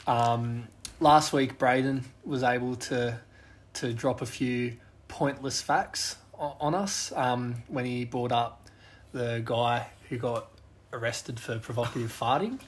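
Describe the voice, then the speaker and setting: A man's voice: medium pitch, steady tone, slow pace. Laughing podcast co-host man. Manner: jokey, laughs often. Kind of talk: casual chat.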